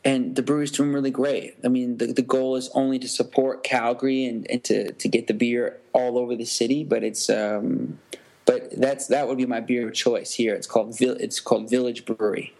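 Halting musician guest from Canada. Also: male voice, medium pitch, level tone, darkish tone. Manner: halting, many restarts. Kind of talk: casual podcast interview.

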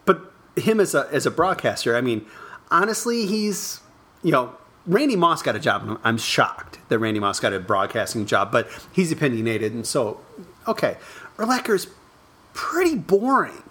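A middle-aged man co-hosting a casual sports and beer podcast, animated and jokey, prone to mocking outbursts. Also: medium pitch, moderate pace, slightly rough. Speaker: podcast co-host.

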